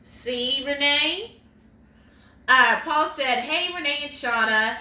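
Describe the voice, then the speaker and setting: A woman's voice: high voice, slow pace, pushed and bright. A woman, co-hosting a cooking livestream and reading viewer comments aloud in a chatty, giggly way. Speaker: cooking stream co-host. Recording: echoey kitchen room.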